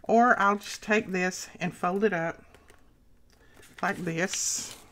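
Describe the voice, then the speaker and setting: A woman's voice: lowish voice, fairly even intonation, takes it slowly, a bit bright, a little hiss or hum. Chatty woman demoing crafts. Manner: chatty, talks to viewers while working. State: out of breath. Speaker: craft channel host. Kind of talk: casual craft tutorial.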